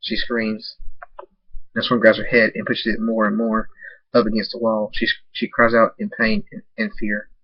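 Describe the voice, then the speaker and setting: A man reading a fan-written story aloud, halting now and then with restarts. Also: lowish voice, completely flat delivery, husky, no echo. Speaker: fan fiction reader. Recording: dull dry lo-fi recording.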